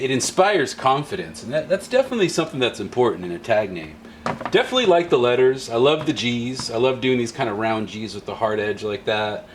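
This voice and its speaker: A man demonstrating art supplies in a warehouse, talking in a laid-back, slangy, joking way. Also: mid-range voice. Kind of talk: casual demo video talk.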